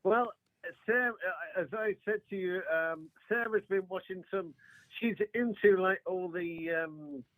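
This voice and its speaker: A man's voice: sits high, measured pace, fairly bright tone, no room sound, rough recording. An English man, a podcast guest, chatting casually and hesitantly with many fillers and restarts. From England.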